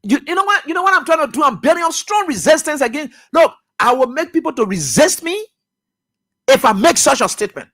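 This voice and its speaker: Fiery high-voiced radio host. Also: male voice, big pitch swings, fairly quick. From Liberia. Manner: fiery, swinging from loud outbursts to low muttering. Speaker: radio talk show host. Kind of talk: impassioned political commentary. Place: radio studio.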